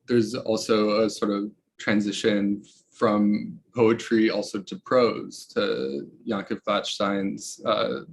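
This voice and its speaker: Slow, hesitant low-voiced male researcher. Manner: hesitant, many fillers and restarts. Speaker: researcher guest. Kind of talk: academic interview.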